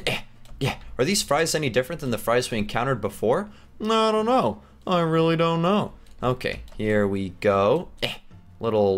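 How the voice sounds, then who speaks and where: A young man hosting a gaming channel, excitably commenting as he plays, yelping and laughing at close calls. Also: medium pitch. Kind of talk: playing a game with commentary.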